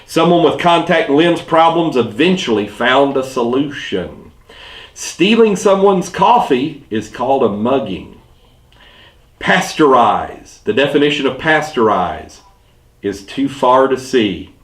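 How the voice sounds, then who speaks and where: A man, a pastor with a Southern US accent, telling clean jokes and puns and dropping each punchline low and quiet. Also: lively intonation, moderate pace. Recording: echoey room.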